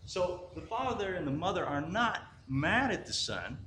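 A man's voice: on the high side, sing-song, normal speed, fairly bright tone. Man preaching casually in an echoey room. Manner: conversational, repeats "right?", frequent restarts and fillers. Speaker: Christian teacher. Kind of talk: informal sermon with a parable. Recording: echoey room with faint ambient noise.

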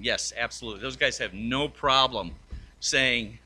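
A man's voice: medium pitch, a little fast, bright, forceful tone. A man preaching a sermon, telling stories and acting out the voices of the people in them. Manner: storytelling, acts out quoted voices. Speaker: pastor.

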